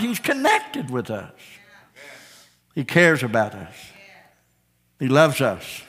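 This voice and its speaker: A man preaching a sermon as pastor, swinging between hushed, drawn-out lines and soaring, repeated phrases. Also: mid-range voice, wildly swooping pitch, breathy edge. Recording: long hall reverb.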